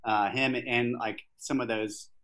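A man co-hosting a casual movie podcast, telling stories in a relaxed way with hesitant restarts and casual swearing. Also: mid-range voice, a little slow, poor audio. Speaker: podcast co-host. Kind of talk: casual chat about movies.

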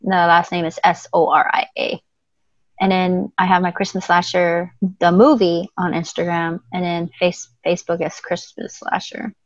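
A woman's voice: fairly low pitch, little pitch movement, normal speed, dry recording. A chatty young woman guest rambles on in a casual conversation, laughing often. The recording is dry and slightly muffled, with a lo-fi sound. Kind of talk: casual chat.

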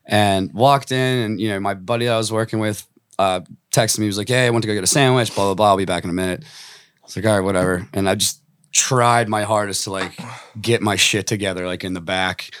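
A man's voice: lowish voice, fairly even intonation, fast, a bit bright, no room sound, clean studio sound. A young man telling a rambling, profane story in casual chat, laughing as he goes. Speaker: tattoo artist and band member, podcast guest.

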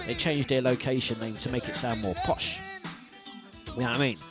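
A man's voice: medium pitch, huge pitch swings, brisk. A man hosting a radio breakfast show, chatting playfully with listeners, laughing often and sing-songing his announcements. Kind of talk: casual radio chat. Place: radio studio. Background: faint music.

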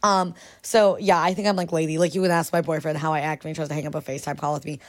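A woman's voice: sits low, level tone, very fast. A young woman in her twenties hosting a podcast, chatting casually and rambling with lots of "like". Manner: rambling, heavy use of filler "like". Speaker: podcast host. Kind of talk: casual chat.

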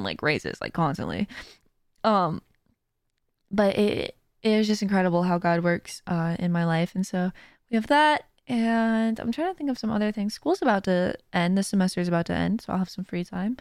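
Giggly young woman, smooth and dry. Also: mid-range voice, expressive, moderate pace, dry recording. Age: young adult. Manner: rambling, with many fillers. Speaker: podcast host and streamer. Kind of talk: casual chat. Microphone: speaking into a close mic.

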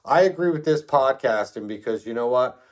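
His intonation is lively, his pitch medium and his pace moderate. He's a middle-aged man co-hosting a podcast, rambling casually through opinionated chat and stories with plenty of profanity and frequent "you know what I mean" asides.

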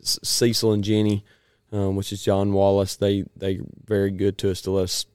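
A man, hosting a casual chat in a rambling, folksy way and clearing his throat often. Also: lowish voice, completely flat delivery, moderate pace, darkish tone, no room sound, clean studio sound.

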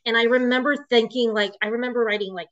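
A woman's voice: a little high, fairly even intonation, fast, fairly bright tone. A woman guest telling her own story in an emotional, rambling way, full of restarts. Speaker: interview guest. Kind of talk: personal storytelling. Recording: dull lo-fi audio.

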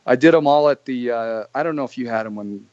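A man's voice: medium pitch, fast talker, a little mellow, no room sound. A young man from Canada, a podcast guest telling stories casually, rambling with restarts. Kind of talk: casual storytelling. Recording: dry muffled lo-fi audio.

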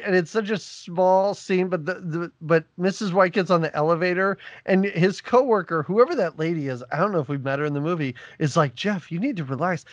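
Podcast voice, dry close recording, casual film chat, quick asides. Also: medium pitch, no room sound. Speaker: podcast co-host discussing a film.

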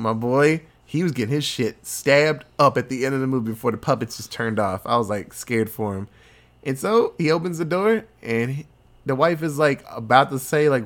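Animated podcast host recapping a film. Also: male voice, medium pitch, normal speed. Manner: animated storytelling with quoted voices, swearing. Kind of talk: casual movie recap.

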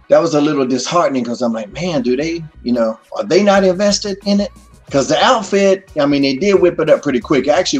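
A middle-aged man telling stories as a guest in a casual interview, animated and full of profanity. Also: mid-range voice, highs cut off.

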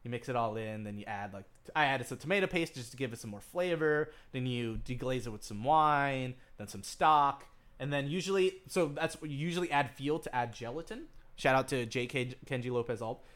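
A young man chatting loosely on a podcast with a voice of middling pitch. He rambles, curses freely and breaks into laughter when he gets worked up over a story. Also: animated, fairly quick, a bit bright. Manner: rambling, swears a lot, laughs often, gets worked up telling stories. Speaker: podcast co-host. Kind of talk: casual chat.

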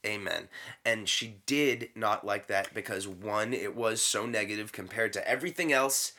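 A man's voice: on the low side, normal speed, bright, forceful tone. A man co-hosting a casual chat, playful and laughing often, with frequent restarts. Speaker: co-host.

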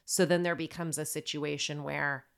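A woman in her thirties with a low, gravelly voice, chatting casually as a podcast co-host. She tells personal stories candidly and breaks into acted-out yelling when she relives a scene. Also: little pitch movement, moderate pace. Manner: candid storytelling, acts out her own shouting. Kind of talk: casual chat.

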